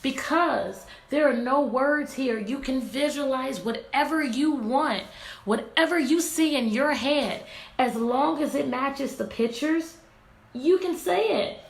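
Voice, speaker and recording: A woman teacher leads a lively picture-book read-aloud, asking her class question after question. Her voice sits high with a gravelly edge. The recording sounds echoey, with a faint hiss behind her. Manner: animated, asks the class many questions. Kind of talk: interactive read-aloud lesson. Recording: echoey room, faint background noise.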